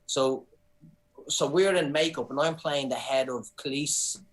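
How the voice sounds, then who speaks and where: A man's voice: medium pitch, measured pace, rough recording. Irish man telling stories animatedly. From Ireland. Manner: animated storyteller, many restarts. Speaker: guest comedian and actor. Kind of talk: casual podcast chat.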